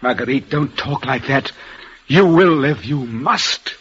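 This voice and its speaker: Devoted, anxious young lover, earnest, husky, with a lively rising and falling voice, on a dull old radio recording. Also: male voice, mid-range voice, a little slow. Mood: alarmed. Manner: earnest, pleading. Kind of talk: vintage radio drama acting.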